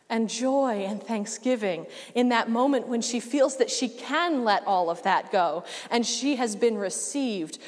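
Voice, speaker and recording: A woman preacher giving a sermon in a relaxed, conversational way with casual asides, recorded in a church. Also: a little high, big-room sound.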